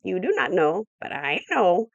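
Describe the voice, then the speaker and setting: A woman reading an audiobook, voicing an ancient old man with a thin, cracked, shrill voice. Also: very animated, measured pace, vocal fry, no room sound, highs cut off, exaggerated voice. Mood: accusing.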